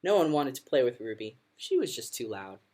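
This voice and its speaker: A woman music teacher reading a children's picture book aloud to her class in an expressive storytelling manner. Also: rumbling low, brisk.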